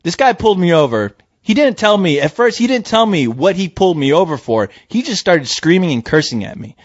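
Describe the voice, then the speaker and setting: A man on a podcast tells a story in a loose, profane way and acts out every voice in it. His pitch sits a bit high and swings widely. The recording is dry and somewhat muffled. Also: lively intonation, fairly quick, dry recording. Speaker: podcast host. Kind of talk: casual storytelling chat. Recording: dull dry lo-fi sound.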